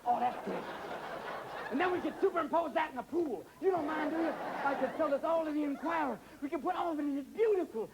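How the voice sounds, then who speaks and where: A man's voice: fast talker, gravelly, a crowd in the background, background noise. A man playing a pushy Italian pizza delivery man and paparazzo, talking in a put-on Italian accent. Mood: pleading. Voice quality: frantic, high-pitched, wheedling. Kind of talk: improvised comedy. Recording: studio audience, loud ambience.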